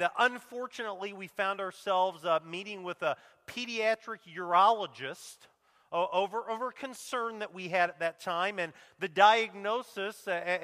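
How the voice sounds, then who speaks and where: In a hall with long reverb, a middle-aged man preaches as a pastor, his voice sitting high with a bright, forceful tone. He speaks with deep emotion and earnestness, falling to a near-whisper when he quotes cries or reaches tender moments.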